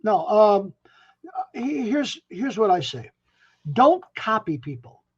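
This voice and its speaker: A man in his seventies from Chicago, a musician guest telling stories in a rambling, animated way, often restarting his phrases. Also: high voice, takes it slowly, husky. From Chicago, USA. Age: 70s. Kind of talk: casual interview storytelling. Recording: dull lo-fi audio.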